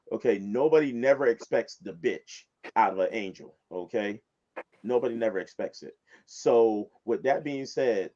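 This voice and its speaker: A man telling stories emphatically as a guest in a casual podcast chat. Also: lowish voice. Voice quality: animated, emphatic storyteller. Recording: dull lo-fi sound.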